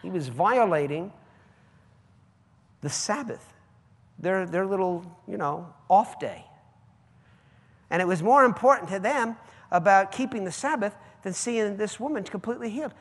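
A man preaching a sermon, swinging from hushed asides to loud, drawn-out proclamations. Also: sits high, expressive, long reverb tail.

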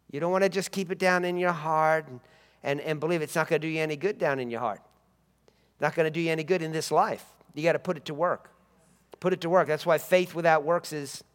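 High-voiced man preaching in a reverberant hall. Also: fairly bright tone. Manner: emphatic, repetitive preaching with rising bursts. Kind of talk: sermon.

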